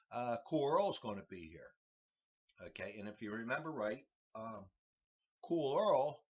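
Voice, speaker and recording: A man hosting a comedy show, delivering a rambling deadpan monologue full of restarts and "all right"s. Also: medium pitch, slightly rough. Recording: dull lo-fi recording.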